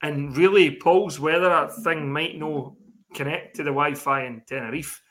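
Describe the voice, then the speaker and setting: A man's voice: a little high, fairly even intonation, a little slow, fairly bright tone. A man co-hosting a podcast, talking in sweary, rambling banter. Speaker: podcast co-host. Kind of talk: casual chat.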